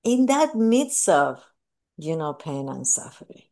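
A woman with a slightly low voice speaks earnestly and reflectively in a personal talk on mindfulness and grief. She often pauses and restarts her sentences. When she retells moments, her voice leaps up with feeling. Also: big pitch swings, vocal fry, mellow.

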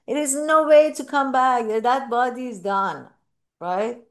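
A woman giving a personal talk on mindfulness and grief, earnest and reflective, often pausing and restarting, her voice jumping up with feeling when she retells moments. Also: high voice, lively intonation.

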